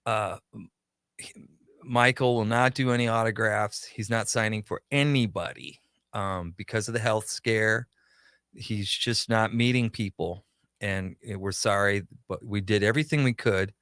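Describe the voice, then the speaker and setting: A man's voice: on the low side, measured pace, dry recording, studio quality. A middle-aged man, a pop culture shop owner, telling a long story in a casual radio conversation and acting out the quotes. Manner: animated anecdote teller, acts out quotes.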